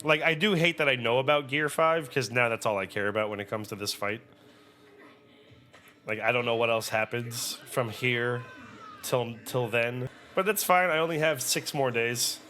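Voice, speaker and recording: Young male reaction host, bright forceful voice, excitable and sweary. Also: medium pitch, normal speed. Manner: excitable and profane, animated storytelling. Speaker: anime reaction video host. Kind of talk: casual reaction commentary.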